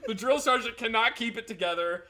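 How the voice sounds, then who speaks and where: A young man telling casual stories, laughing often and mimicking shouted orders. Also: very high voice, fairly quick. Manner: laughs often, mimics drill sergeants in bursts. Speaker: podcast co-host. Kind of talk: casual storytelling chat.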